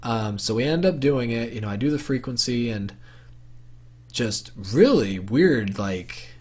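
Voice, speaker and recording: A man's voice: mid-range voice, animated, unhurried, a little mellow, husky. A young man telling a personal story to camera for his vlog in a casual, rambling way, full of fillers and restarts. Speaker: vlogger.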